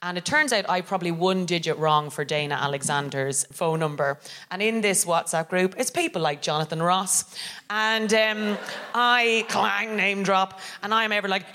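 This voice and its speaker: A woman, co-hosting a live comedy podcast and telling a rambling, animated story. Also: lowish voice, moderate pace. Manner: rambling and animated, prone to laughing at her own story. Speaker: co-host. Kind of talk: comic storytelling. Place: live show in a concert hall.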